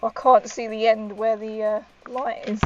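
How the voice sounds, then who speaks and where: A chatty woman talks to her viewers while painting, laughing often and thinking aloud. Her voice sits a little high and sounds muffled and lo-fi, with faint music playing behind her. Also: level tone, measured pace. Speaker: livestreamer painting miniatures. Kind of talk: casual live-stream chat. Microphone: wearing a helmet that muffles her voice. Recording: dull lo-fi stream audio with faint music.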